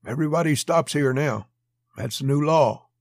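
Man doing a calm, soft-spoken old lawman. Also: a little high, moderate pace, gravelly, no room sound, studio quality, voice pushed up. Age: older. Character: older graying male customs officer, calm.

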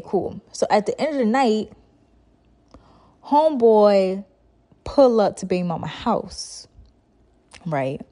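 A woman's voice: fairly low pitch, warm tone. A young woman hosting a podcast, retelling a show in a chatty, slangy way full of fillers. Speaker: podcast host. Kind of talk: casual storytelling monologue.

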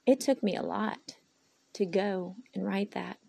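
Speaking candidly into her phone for her own podcast, a woman rambles through an unscripted monologue, talking to herself aloud and weaving in her faith in God. Her voice is gravelly, slightly husky, mid-range, and mellow, and her pace is a little slow.

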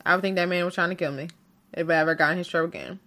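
A woman's voice: fairly low pitch, steady tone, rapid-fire, bright, forceful tone. A woman in casual conversation, reacting and asking short questions. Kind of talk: casual chat.

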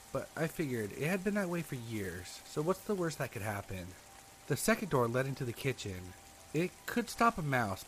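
A man's voice: medium pitch, a bit bright, slight background noise. A man narrating true horror stories in a dramatic, scripted storytelling style.

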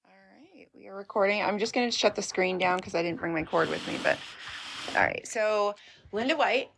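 A woman's voice: medium pitch, a little fast, gravelly, noisy background. Chatty woman podcast host. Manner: candid, chatty. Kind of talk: narration and interview.

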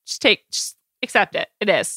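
Bright bubbly woman co-host. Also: medium pitch, expressive, no room sound. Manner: bubbly, laughing, quick to agree. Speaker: podcast co-host. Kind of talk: casual chat.

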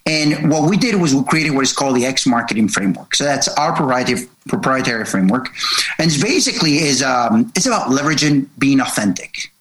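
A man's voice: mid-range voice, lively intonation, a little fast, a bit bright, poor audio. Earnest male marketing consultant. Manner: earnest, repeats words, many fillers. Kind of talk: casual interview chat.

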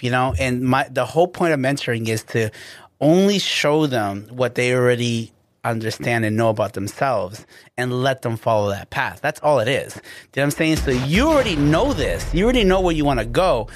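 A man's voice: mid-range voice, expressive, normal speed, no echo. Laid-back man, podcast guest. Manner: laid-back, repeats phrases, humble. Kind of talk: casual podcast chat.

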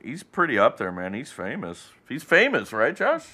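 A man's voice: mid-range voice, huge pitch swings, normal speed, pushed and bright. A man co-hosting a podcast, riffing in a sarcastic, joking manner. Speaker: podcast co-host. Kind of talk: casual chat.

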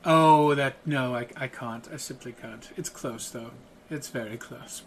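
A man voicing a fussy, courtly gentleman who speaks in a flowery, mannered way. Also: mid-range voice, unhurried, very noisy, pitched below the performer's own voice, lightly acted. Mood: coy. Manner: flowery, mannered, soft-spoken. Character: fussy, courtly man of vague European accent.

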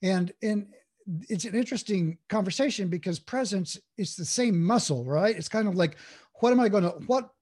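Husky, high-voiced man explaining mindfulness. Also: expressive, normal speed, darkish tone. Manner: thoughtful, with frequent restarts. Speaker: guest, mindful communication coach. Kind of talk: reflective conversational explanation.

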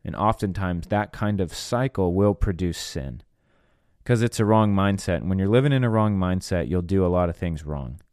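A man's voice: low-pitched, expressive, normal speed, darkish tone, smooth, dry recording, clean studio sound. A man hosting a solo podcast, teaching in an earnest preaching manner and stressing key words one at a time. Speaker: podcast host and minister.

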